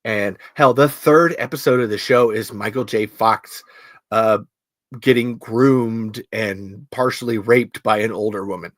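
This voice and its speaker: A man's voice: lowish voice, unhurried, no echo. A man hosting a podcast in casual chat, rambling with restarts and fillers. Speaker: podcast host.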